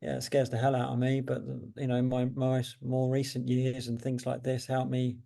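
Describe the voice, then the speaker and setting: Gravelly, flat-voiced man far from mic. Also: mid-range voice, moderate pace. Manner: reflective, hesitant. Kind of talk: casual video call chat. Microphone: video call. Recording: distant video call mic.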